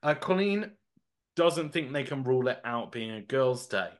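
A man's voice: mid-range voice, moderate pace. A man hosting a casual podcast, rambling and joking with plenty of fillers. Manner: animated, jokey, rambling with fillers. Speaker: podcast host.

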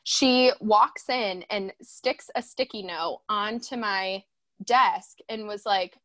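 A young woman in her twenties shares her story as a guest in an easygoing conversation. She is animated, laughs often, and slips into acting out her own old thoughts. Her voice sits at a middle pitch, recorded dry and close. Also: slow, no echo. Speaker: guest, hairstylist. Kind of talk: casual storytelling chat.

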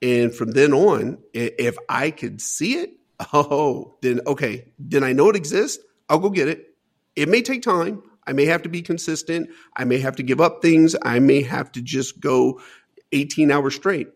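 A man's voice: fairly high pitch, a little slow. A man as an interview guest, earnestly telling a personal story and often repeating words as he searches for them.

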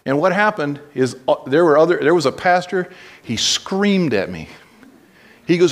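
A man delivers a sermon from the pulpit in a voice pitched a bit above most men. He moves from loose, rambling storytelling full of restarts into blunt, direct calls to his listeners. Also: sing-song, moderate pace. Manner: conversational storytelling with blunt exhortations and frequent restarts. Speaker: pastor.

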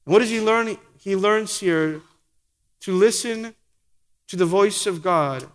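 A man's voice: sits high, measured pace, a bit bright, in a large hall. A man preaching a sermon as pastor, asking the congregation rhetorical questions and acting out quoted lines.

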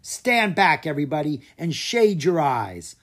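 A narrator voicing a quick-thinking young girl adventurer in a children's storybook, brisk and confident. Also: medium pitch, sing-song.

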